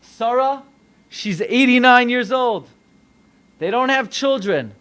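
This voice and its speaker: Animated high-voiced American rabbi. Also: male voice, slow, clear, resonant tone. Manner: animated, acts out voices in dialogue. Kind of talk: sermon. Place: synagogue.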